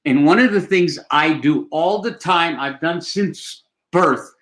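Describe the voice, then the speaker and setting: A man's voice: on the high side, slow pace, fairly bright tone. An older man, an actor, chatting casually and telling rambling, joking stories. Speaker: actor guest. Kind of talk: casual live chat.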